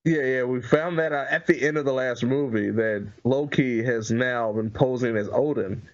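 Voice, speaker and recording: A man co-hosting a podcast, chiming in casually with agreement and quick remarks about a film. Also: mid-range voice, dull audio. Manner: animated, agreeable, quick to laugh. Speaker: podcast co-host. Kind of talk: casual movie review chat.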